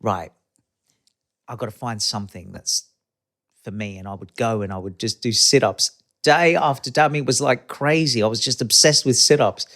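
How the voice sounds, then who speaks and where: A man tells his stories in a loose, rambling way. He keeps restarting sentences and slips into the voices of the people in his stories. His voice sits at an everyday middle pitch. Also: normal speed, a bit bright. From Australia. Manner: chatty, rambling anecdotes, acts out quoted voices. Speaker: guest. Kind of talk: casual interview storytelling.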